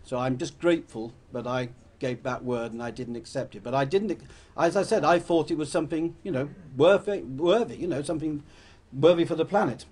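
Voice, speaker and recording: A man's voice: on the high side, brisk, a little mellow, breathy edge. An older man from England gives a rambling, anecdotal talk to an audience, often correcting himself as he goes. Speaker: public speaker.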